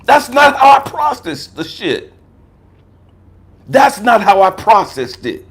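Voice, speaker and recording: An American man in his fifties, a life coach giving a personal testimony talk, emphatic and profane, swinging from raised outbursts to low murmurs. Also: very animated, slow, husky. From United States. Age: 50s.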